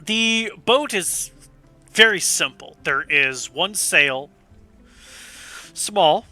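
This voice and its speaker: A man's voice: high voice, lively intonation, drawn-out words, sharp tone, soft background music. A man narrating as game master in a tabletop game, easygoing and laughing often.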